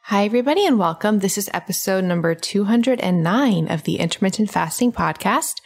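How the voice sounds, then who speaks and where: A woman hosts a podcast in a casual, upbeat way. Her voice has a gravelly fry, and she keeps her replies brief. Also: mid-range voice, expressive, a little fast, a little mellow. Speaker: podcast host.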